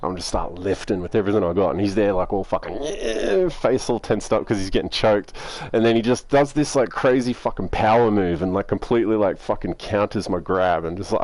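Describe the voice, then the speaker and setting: Young Aussie streamer, low voice, relaxed rambling storyteller who swears a lot. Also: male voice, no echo. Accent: Australian. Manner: rambling, laid-back, heavy swearing. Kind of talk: casual storytelling.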